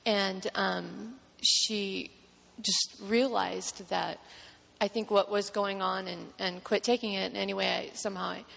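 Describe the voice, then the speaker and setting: Emotional creaky-voiced woman giving testimony. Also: medium pitch, steady tone, fairly bright tone, in a large hall. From Georgia, US. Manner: emotional, halting, many ums. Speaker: church member giving testimony. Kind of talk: personal testimony. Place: church sanctuary.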